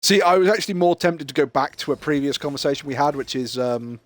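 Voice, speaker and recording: A man's voice: a little high, quick pace, dry recording. Rambling British man telling a joke. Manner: rambling, many fillers and restarts. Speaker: gaming streamer. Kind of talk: casual chat, telling a long joke.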